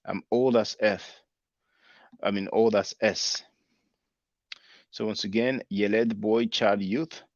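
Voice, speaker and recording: A man's voice: fairly low pitch, steady tone, takes it slowly, long pauses, no echo, lo-fi sound. A man in his forties hosting his channel, reading viewer comments aloud and answering them in casual commentary. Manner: conversational, spells words out, laughs at comments. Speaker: channel host reading live chat.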